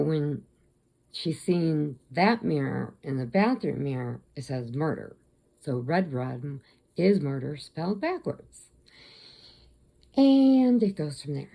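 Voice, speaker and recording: A woman with a deep, gravelly voice chats to camera from her crafting room at home. Her dark, mellow tone carries a rambling retelling that is full of restarts. It sounds like a cozy home vlog. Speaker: crochet vlogger. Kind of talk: casual storytelling to camera.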